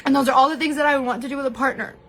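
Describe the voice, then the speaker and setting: A woman vlogger streams live, sharing an emotional personal story as she talks candidly and from the heart about her marriage, laughing often. Her high-pitched voice races along with fairly even intonation and a fairly bright tone.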